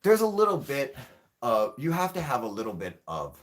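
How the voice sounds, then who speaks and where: A man's voice: medium pitch, wildly swooping pitch, moderate pace. A man hosting a livestream, ranting angrily and swearing a lot as he answers the chat. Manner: angry, profane, ranting. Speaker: channel host.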